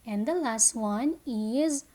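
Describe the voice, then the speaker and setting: A woman teaching an online kindergarten phonics lesson, speaking slowly and clearly and drawing out each sound. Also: a little high, warm tone. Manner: slow, clear teacher talk with drawn-out sounds.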